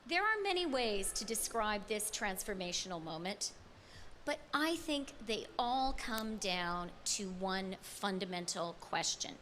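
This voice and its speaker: A woman politician giving a formal prepared speech in a measured, rhetorical manner. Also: mid-range voice, big pitch swings, fairly bright tone, slight background noise.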